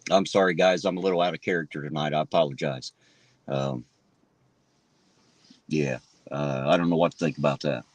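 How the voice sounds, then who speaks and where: Pausing often at a moderate pace, a man with a very deep voice and fairly even intonation streams an angry rant from a town street on his phone. He swears a lot and sounds indignant; there's no echo.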